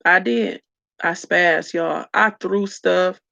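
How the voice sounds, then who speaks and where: Woman vlogger, gravelly, venting to her live chat; dull dry lo-fi sound. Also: lowish voice, steady tone, slow pace, pushed and bright, no room sound. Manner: raw, emotional, addresses viewers as y'all. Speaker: vlogger talking to live viewers. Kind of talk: candid story-time livestream chat.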